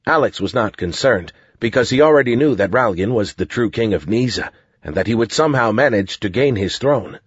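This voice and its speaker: A man narrating a fantasy audiobook in a measured, even manner. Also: on the low side, husky, no room sound. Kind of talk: scripted narration. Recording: dull lo-fi dry studio audio.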